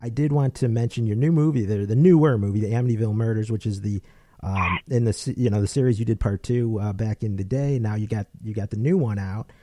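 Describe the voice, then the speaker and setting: A man's voice: fairly low pitch, fast talker, background noise. A man hosting a casual interview, asking rambling questions full of fillers. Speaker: host.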